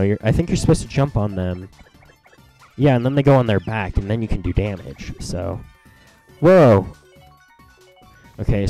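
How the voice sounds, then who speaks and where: Young man, low voice, mellow tone, rambling game commentary, faint background music. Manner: rambling, reads game text aloud, frequent fillers. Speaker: let's play host. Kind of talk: casual gameplay commentary.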